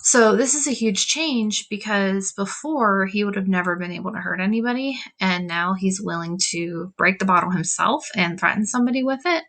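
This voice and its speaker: A woman teacher explains a novel in an easygoing, chatty way, reading passages out loud and leaning on fillers. Her voice sits at a middling pitch but sounds bright and forward, with a gravelly fry at the ends of phrases. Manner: reads quotes from a novel aloud. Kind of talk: casual lesson walkthrough.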